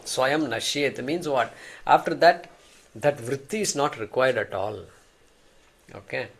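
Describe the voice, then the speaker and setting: A man's voice: mid-range voice, measured pace, breathy edge. A man teaching a class, explaining with examples and often repeating words as he thinks. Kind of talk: class lecture.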